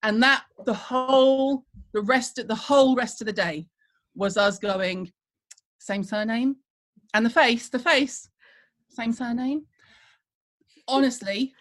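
Middle-aged British woman guest, chatty anecdote teller, lively quoting voice. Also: fairly high pitch, unhurried. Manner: animated gossipy storytelling with acted-out quotes. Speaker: guest storyteller. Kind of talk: casual chat, anecdote.

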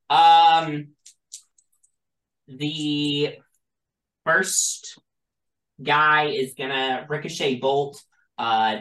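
Slow-talking, easygoing game master, recorded in an echoey room. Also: mid-range voice. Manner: relaxed, chatty, laughs often. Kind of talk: running a tabletop game.

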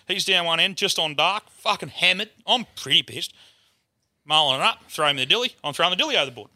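An Australian man tells a rowdy yarn at a quick clip, his voice a little higher than most men's. The tone is bright and edgy, and the sound is dry and close. He swears freely and slips into the voices of the people in his story. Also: lively intonation, no room sound. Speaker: guest. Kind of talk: casual storytelling.

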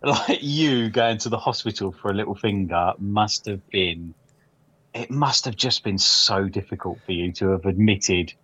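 A man's voice: on the low side, a little slow, a bit bright, slightly rough, muffled recording. A man co-hosting a podcast over a video call, teasing his friend and mimicking him. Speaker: podcast co-host. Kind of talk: casual chat.

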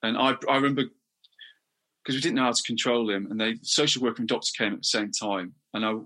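A middle-aged Englishman speaks candidly as an interview guest, his medium-pitched voice bright and forceful. He halts often, restarting sentences and repeating words.

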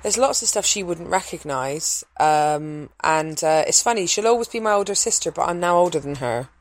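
A woman comedian with a lilting voice, chatting casually and swearing freely. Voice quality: lilting speech. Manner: lively, swears freely, quick swings in pitch when worked up. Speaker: comedian and podcast guest. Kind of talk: casual conversational chat.

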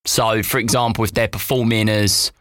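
A British man with a fairly low voice chats loosely on a podcast, filling his sentences with "like" and "you know". The sound is dry and close. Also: moderate pace, dry recording. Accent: British English. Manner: relaxed, rambling with many fillers. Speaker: podcast co-host. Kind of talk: casual chat.

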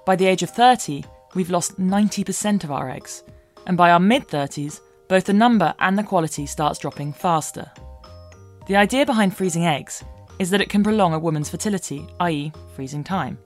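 A woman's voice: fairly low pitch, a little fast, soft background music. A woman, hosting a personal podcast in a candid, self-mocking way. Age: 30s. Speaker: podcast host.

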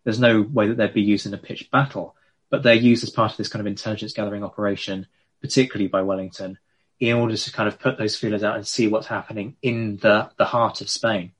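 A man's voice: fairly low pitch, steady tone, fast talker, husky. Male co-host, ex-teacher, explanatory lecturing delivery. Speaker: podcast co-host, former teacher. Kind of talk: casual history chat.

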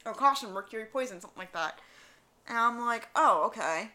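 Animated bright-voiced woman podcaster. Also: a little high, brisk. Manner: animated storytelling, quotes others in voices. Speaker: podcast co-host. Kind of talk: casual chat.

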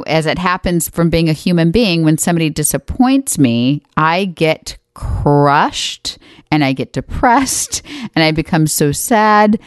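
Low-voiced woman co-hosting a podcast. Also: smooth, dry recording, clean studio sound. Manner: lively, laughs often, animated quoting. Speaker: podcast co-host. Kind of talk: casual chat.

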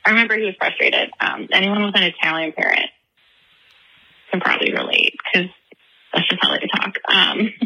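A woman's voice: medium pitch, moderate pace, gravelly, long pauses, bright, forceful tone, slightly rough, rough recording. A young woman from the Chicago area leaving a rambling voicemail, telling a story with frequent giggles. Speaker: voicemail caller. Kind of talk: voicemail anecdote.

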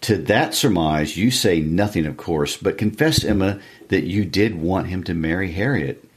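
A man reading the part of a dignified, gently teasing country gentleman from a novel, in a measured manner. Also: low voice, slightly rough. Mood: gently chiding. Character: gentlemanly older male country squire. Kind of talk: reading a novel's dialogue aloud.

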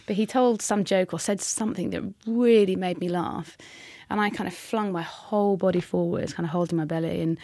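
Low gravelly woman telling a story. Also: fairly even intonation, warm tone, dry recording, clean studio sound. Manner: candid, halting restarts. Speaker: guest, hockey player. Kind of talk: interview storytelling.

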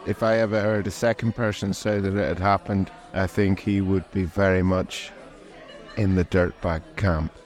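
A man's voice: deep voice, flat delivery, normal speed, darkish tone. A man co-hosting a podcast, chatting casually with many fillers and chuckles. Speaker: podcast co-host. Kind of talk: casual chat.

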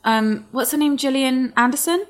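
A woman's voice: sits high, moderate pace. A woman co-hosting a podcast, chatting casually, swearing freely and mimicking people. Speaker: podcast co-host. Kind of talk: casual chat.

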